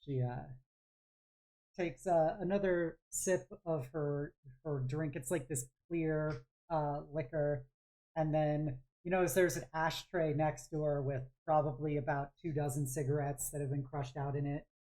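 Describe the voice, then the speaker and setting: A woman's voice: low voice, fairly even intonation, a little slow, dark tone. A woman game master narrating a tabletop game, describing scenes in a rambling way full of fillers.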